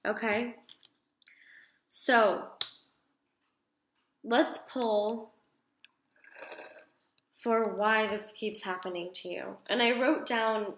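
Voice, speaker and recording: A woman's voice: medium pitch, fairly bright tone, slight background noise. A young woman reading tarot cards in a casual video from home. She talks in a chatty, emphatic, gushing way with some casual swearing. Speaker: tarot card reader. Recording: echoey room.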